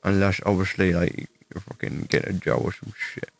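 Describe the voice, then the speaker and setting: A man's voice: low voice, brisk, creaky, no room sound. A young man with an English West Midlands accent, chatting on a livestream while he answers chat questions in a blunt, profane, rambling way. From England, West Midlands.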